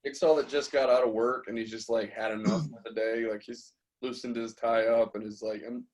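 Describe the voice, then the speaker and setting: A man's voice: mid-range voice, level tone, brisk, darkish tone, a little hiss or hum, rough recording. A man in casual podcast chat, riffing crudely and jokingly. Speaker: podcast co-host.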